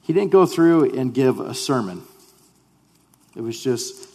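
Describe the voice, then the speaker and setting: A man's voice: medium pitch, lively intonation, measured pace, long pauses, warm tone, husky. Earnest male pastor in a reverberant hall. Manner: earnest, conversational preaching with many restarts. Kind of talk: sermon. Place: church sanctuary.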